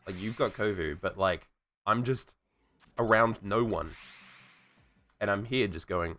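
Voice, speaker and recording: A man's voice: on the low side, measured pace, pauses often, pushed and bright, slight background noise. A man streaming a game while sick, with a sore throat, chatting in a rambling, profane way. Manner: rambling, profane, self-talking. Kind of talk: casual gameplay chat. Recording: faint music behind.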